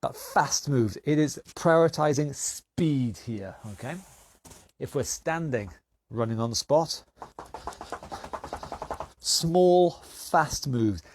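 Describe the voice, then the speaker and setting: Energetic man leading a workout class. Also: medium pitch, slow, long pauses, slight background noise. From United Kingdom. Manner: energetic coaching with counted cues. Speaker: fitness instructor. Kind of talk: online exercise class instruction.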